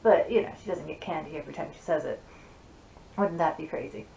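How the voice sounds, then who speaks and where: A young woman talks casually to the camera about raising her child, and her stories come out chatty and animated. The room is echoey and the mic sits some distance from her, with faint room noise behind her voice. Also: deep voice, brisk, gravelly. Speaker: parenting vlogger. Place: home office.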